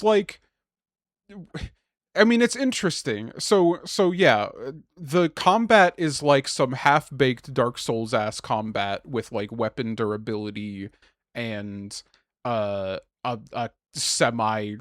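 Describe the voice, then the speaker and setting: Young podcast guy, cursing a lot, yells when he gets fed up, dry mic. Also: mid-range voice, takes it slowly, no room sound. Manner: ranting, profane, bursts into loud exasperated shouts. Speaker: podcast co-host. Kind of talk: casual chat.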